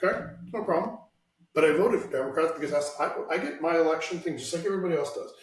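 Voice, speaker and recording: A man's voice: a little high, fast talker, far from the mic. A man hosting a casual podcast, speaking bluntly about politics and swearing freely. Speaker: podcast host. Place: home room, lives in Washington state. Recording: roomy echo, somewhat off-mic.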